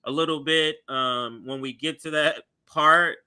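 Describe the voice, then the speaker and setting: A man's voice: on the high side, fairly even intonation, unhurried, bright, forceful tone, smooth. A man hosting a casual political commentary show, laughing easily and talking in loose asides. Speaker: host.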